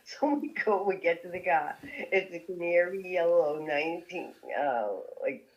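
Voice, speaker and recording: A woman's voice: lowish voice, measured pace, poor audio. Woman guest telling a story with lots of laughs. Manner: lively, laughing often, full of restarts. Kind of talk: telling a story in a podcast interview.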